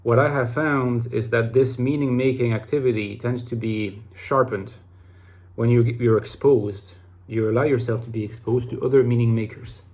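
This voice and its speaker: A man at mid pitch talking to his online audience, thinking aloud as he goes. He meanders, doubling back on words and trailing into fillers. The pace is relaxed and reflective rather than polished. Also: normal speed. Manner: rambling, with many restarts and fillers. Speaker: YouTube host talking about personality types. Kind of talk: casual talk to camera.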